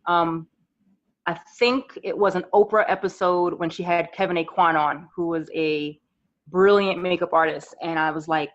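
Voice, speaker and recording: A woman in her thirties from New York, a podcast guest telling her career story in lively casual chat. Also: lowish voice, moderate pace. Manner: animated storyteller, acts out quoted voices. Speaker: podcast guest, makeup artist. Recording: slightly dull lo-fi audio.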